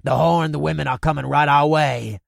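A man voicing a brutish, boastful male orc warrior with a growling, gravelly voice. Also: on the high side, steady tone, moderate pace, no echo, clean studio sound. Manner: boastful and crude.

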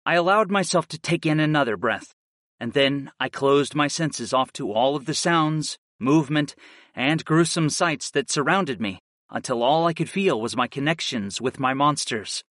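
A man narrating a first-person fantasy audiobook in a steady, earnest way. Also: mid-range voice, moderate pace, no echo, clean studio sound.

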